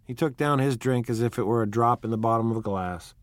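A man reading a novel aloud in a measured, quietly expressive narration. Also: mid-range voice, no echo. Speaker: audiobook narrator.

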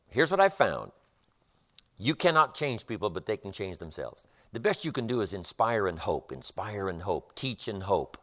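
A man's voice: on the low side, fairly bright tone. A man giving a motivational lecture with an emphatic, repetitive, preacher-like cadence. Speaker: motivational speaker.

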